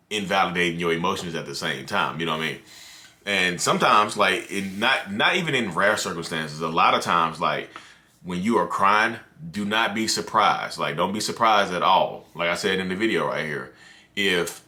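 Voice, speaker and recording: A man's voice: deep voice, bright, forceful tone. A man chatting loosely to camera as a mental health creator, with lots of "you know" and "like" and frequent restarts. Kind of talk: casual talk to camera.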